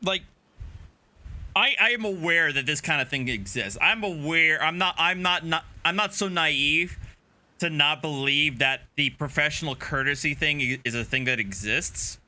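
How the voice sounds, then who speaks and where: A man's voice: fairly high pitch, normal speed, pushed and bright. A man hosting a livestream, casually commenting on a police video with wry, sarcastic asides. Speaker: livestream host reacting to video.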